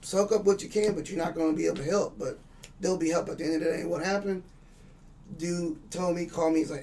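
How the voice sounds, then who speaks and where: A man's voice: on the high side, fast, dark tone, distant mic, a little hiss or hum. A man telling a spiritual story in casual chat, rambling and profane, acting out the dialogue. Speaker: guest.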